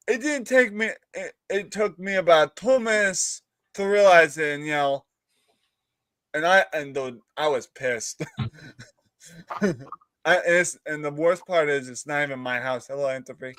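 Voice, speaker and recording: Man, higher pitch, dry close mic, live-stream host, rambling storyteller, laughs a lot. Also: fairly bright tone, no room sound. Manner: rambling anecdote, laughs often, acts out others' lines. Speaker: podcast host. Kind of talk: casual chat, storytelling.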